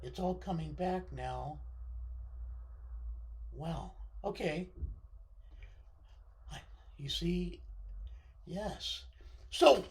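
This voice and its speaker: A middle-aged man with a high, gravelly, scratchy voice talks straight to his viewers from home. He rambles from one thought to the next, stumbling over repeated words and cutting himself off mid-sentence. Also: animated, drawn-out words, long pauses. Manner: digressive, stammering, self-interrupting. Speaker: vlogger. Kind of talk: rambling casual monologue.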